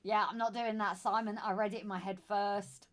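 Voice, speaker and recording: A woman with a Southern English accent co-hosting a casual live stream, greeting viewers by name and calling them darling. Her voice is going hoarse. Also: mid-range voice, flat delivery, moderate pace. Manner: chatty, calls viewers darling and sweetheart. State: losing her voice. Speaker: live stream co-host reading chat.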